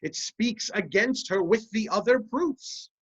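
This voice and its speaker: In an amateur Shakespeare reading, an actor voices a sly, scheming male officer at a middling pitch. His delivery is measured and insinuating, with lively intonation and a slightly rough edge. The recording sounds muffled and lo-fi.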